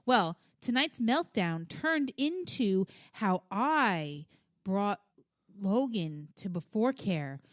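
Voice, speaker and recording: A woman in her thirties co-hosts a podcast in a medium-pitched, sing-song voice, speaking slowly and chatting casually in a frank, rambling style, swearing freely. The sound is studio quality with no room sound.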